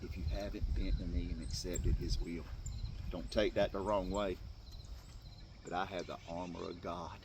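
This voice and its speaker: A man giving an impassioned, tearful Christian motivational talk to other men, swinging from hushed tones to loud bursts. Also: sits low, flat delivery, normal speed, background noise. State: tearful at times. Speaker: faith speaker addressing men.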